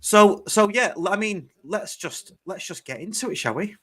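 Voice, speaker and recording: A man's voice: high-pitched, expressive, normal speed, background noise. A man with an English accent co-hosting a football fan podcast, chatty and laughing easily, with many fillers. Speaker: podcast co-host. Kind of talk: casual football chat.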